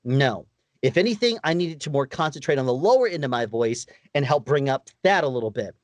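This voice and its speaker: A man with a higher-pitched voice giving practical audio advice as an interview guest, explaining step by step and asking rhetorical questions. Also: lively intonation, fairly quick, no room sound.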